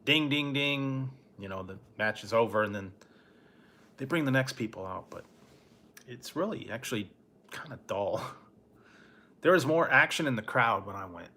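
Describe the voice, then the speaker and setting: A middle-aged man hosting a late-night live stream, telling a rambling, laid-back story with soft chuckles and answering chat. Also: fairly low pitch, lively intonation, moderate pace, pauses often. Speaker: food review channel host.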